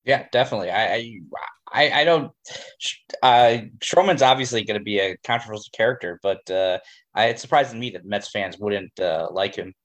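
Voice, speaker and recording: A man co-hosting a sports talk show, talking in a hesitant, halting way. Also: on the low side, fairly bright tone.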